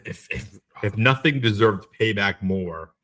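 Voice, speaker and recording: Middle-aged man, low-ish pitch, bright tone, emphatic casual chat. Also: unhurried. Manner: excited, emphatic storytelling. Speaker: podcast co-host.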